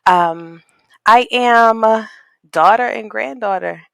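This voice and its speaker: A female podcast guest, an equity coach and consultant, speaks slowly in a low, creaky voice during a reflective conversational interview. She sounds earnest, warm and spiritual, searching for her thoughts with frequent "like" and "um." The recording is close and dry, with no room sound.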